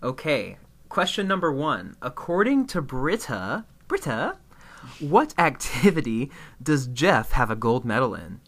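An enthusiastic male co-host running trivia in a casual podcast chat. His pitch swings widely as he talks, and the tone is bright and forward. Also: a little slow. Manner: animated, enthusiastic.

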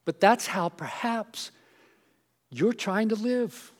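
A middle-aged man preaching a sermon with a fairly high voice. He is animated, acts out imagined voices in his story and swings between loud outbursts and hushed, slow lines. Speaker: pastor.

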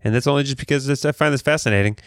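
A man's voice: mid-range voice, racing, no room sound, clean studio sound. A man hosting a casual tech podcast, talking in a rambling way with frequent restarts. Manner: rambling, many restarts, chuckling. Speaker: podcast host.

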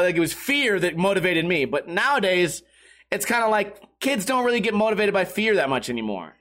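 A man's voice: sits high, pushed and bright. A young man reading news articles aloud and commenting on them in a rambling way, swearing constantly and restarting his sentences. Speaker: streamer reacting to news articles. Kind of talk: casual profane commentary.

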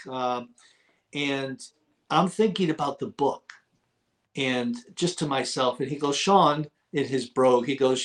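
A middle-aged man telling stories as a guest in an interview, repeating words for emphasis. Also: medium pitch. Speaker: guest author. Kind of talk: casual interview talk.

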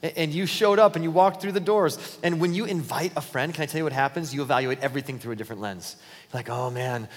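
Guy preaching, chatty, slips into little voices for the people in his stories, higher voice, long reverb hall. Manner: conversational, acts out quick dialogues in his talk. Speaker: pastor. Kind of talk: sermon. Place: church auditorium.

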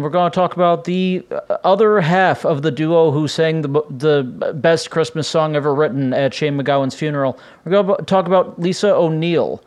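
A man's voice: fairly high pitch, darkish tone. A man hosting a solo podcast from home, talking in a casual, rambling way with plenty of fillers and restarts. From United States. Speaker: podcast host. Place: home room with his cats.

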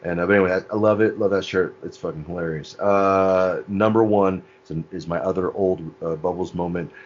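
A man's voice: low voice, steady tone, muffled recording. A man in casual podcast chat who swears, laughs a lot and recounts scenes. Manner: laughing, profane, retells scenes by doing quick voices.

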